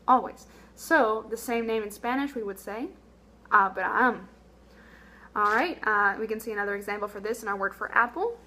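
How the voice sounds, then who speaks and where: A young woman, a Spanish teacher, giving a recorded lesson. She explains patiently and sounds words out slowly, repeating them for the learner. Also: fairly high pitch, pushed and bright.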